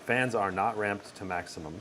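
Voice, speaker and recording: Low-voiced man streaming a game live. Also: moderate pace, pushed and bright, a little hiss or hum. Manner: casual, thinking aloud with fillers. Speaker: tech streamer. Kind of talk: live gameplay commentary reading chat.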